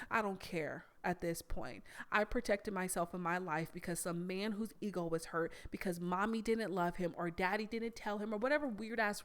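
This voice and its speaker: A young adult woman, hosting a podcast and telling a story in a blunt, animated way with plenty of swearing. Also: medium pitch. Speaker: podcast host. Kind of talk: casual storytelling monologue.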